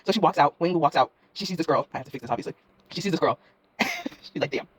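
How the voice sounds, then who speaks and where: A young woman retelling a drama's plot in breathless, slangy fashion, acting out each character with quick "she's like" quotes. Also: sits low, huge pitch swings, breathy edge, dry recording. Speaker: drama review vlogger. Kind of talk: fast slangy plot recap.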